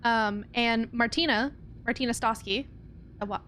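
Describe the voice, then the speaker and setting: A woman's voice: on the high side, normal speed, fairly bright tone, slight background noise. A young woman streaming a puzzle game, chatting in a rambling way and laughing often. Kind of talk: casual let's-play chat.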